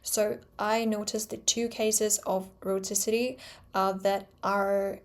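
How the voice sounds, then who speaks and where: A woman with a Russian accent who speaks Russian natively, explaining her own accent-training method in quick, precise steps and stressing example sounds. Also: mid-range voice, flat delivery. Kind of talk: explanatory talk to camera.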